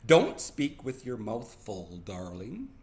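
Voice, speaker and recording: A man's voice: medium pitch, huge pitch swings, takes it slowly, darkish tone, slight background noise. A man voicing a proper, scolding mother in a read-aloud storybook. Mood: stern. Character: prim, stern mother of two.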